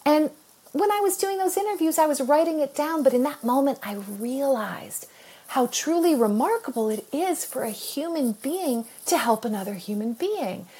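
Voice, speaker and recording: A woman's voice: high voice, moderate pace. A middle-aged woman from the United States, an author telling a personal story in an interview with earnest feeling and frequent laughter. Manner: expressive, earnest, laughs often while telling. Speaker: author guest.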